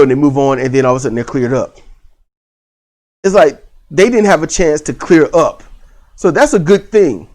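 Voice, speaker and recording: A man's voice: on the high side, expressive, normal speed, long pauses, a little mellow. Rambling man reviewing a movie. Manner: rambling, frequent restarts and fillers, casual swearing. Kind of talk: casual spoken movie review.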